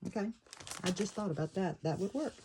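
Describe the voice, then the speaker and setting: A woman casually talking through a handmade journal, thinking aloud and pausing to fiddle with the pieces. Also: medium pitch, noisy background. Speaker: paper craft creator. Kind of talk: casual craft flip-through.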